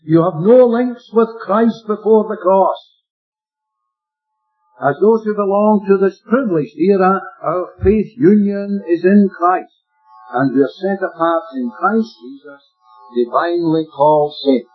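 Slightly slow and high-voiced with a breathy edge, a man delivers expository Bible teaching. He puts rhetorical questions to his hearers in an emphatic, plain-spoken manner; the recording is lo-fi and dull, with faint music in the background.

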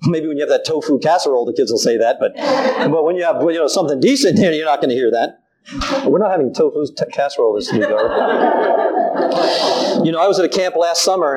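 A middle-aged man preaches with a high, bright-sounding voice, lively and animated. He slips into little acted quotes from his family as he makes his points. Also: fast, slight background noise, low-quality recording. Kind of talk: sermon.

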